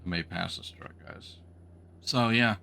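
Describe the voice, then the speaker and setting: A man streaming a trucking game from a home setup, telling an old road story into a desk microphone. His voice is a little low, yet bright and forceful. He rambles in a folksy way, full of ums and restarts as he talks. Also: measured pace, gravelly. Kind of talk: casual storytelling while gaming.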